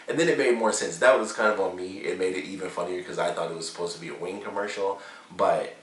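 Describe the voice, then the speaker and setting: Low-voiced man rambling through a review. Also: fast, fairly bright tone, echoey room, recorded from a distance, rough recording. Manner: rambling, amused, lots of fillers. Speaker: show reviewer. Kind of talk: casual episode review.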